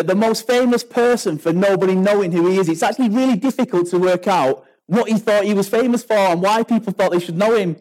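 Chatty, high-voiced British preacher. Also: male voice, animated, brisk, a little mellow, poor audio. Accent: British English. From Britain. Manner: chatty, storytelling, with frequent restarts and rhetorical questions. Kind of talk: informal sermon.

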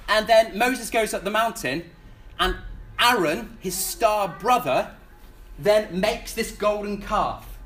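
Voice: medium pitch, slow, a bit bright. A preacher delivering a sermon in a casual, conversational way, often repeating words and putting questions to the congregation.

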